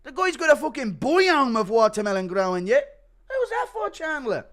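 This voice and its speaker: A man doing a loud, mocking voice of a swaggering fighter taunting a rival. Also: expressive, moderate pace, clean tone. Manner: loud, taunting, high-pitched.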